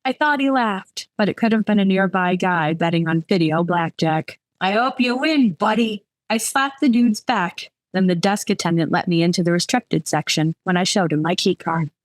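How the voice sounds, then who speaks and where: A woman author reading her own novel aloud in lively, expressive first-person narration. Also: lowish voice, normal speed, few pauses, dry recording.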